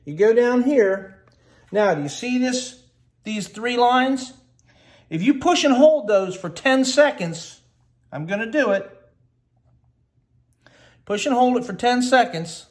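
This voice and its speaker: A talkative man with a notably high voice gives a chatty, grumbling home how-to walkthrough. He holds his phone camera as he talks. The sound rings around a hard, echoey kitchen. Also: expressive, slow, long pauses. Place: indoors by a kitchen refrigerator. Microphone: handheld phone camera. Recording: echoey room.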